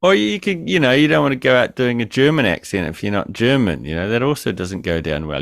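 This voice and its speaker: A man's voice: mid-range voice, lively intonation, brisk, gravelly, hardly any pauses, no room sound. A man co-hosting a podcast over a remote call, ranting crudely and joking in casual banter. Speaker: podcast co-host.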